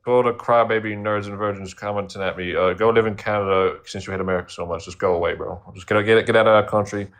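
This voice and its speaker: A man's voice: on the low side, steady tone, fast, hardly any pauses, fairly bright tone. A male caller in call-in banter, stumbling and repeating himself through a put-on American accent. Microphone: phone line.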